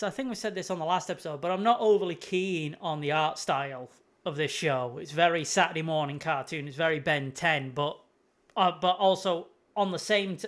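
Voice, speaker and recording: A man's voice: a little high, a bit bright. A man, co-hosting a podcast in crude, joking casual chat. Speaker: podcast co-host.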